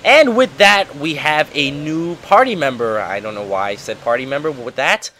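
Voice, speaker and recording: A man's voice: on the high side, lively intonation, normal speed, bright, forceful tone, a little hiss or hum. A man casually commenting on a video game as host, joking and swearing freely, over game music. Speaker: let's play host.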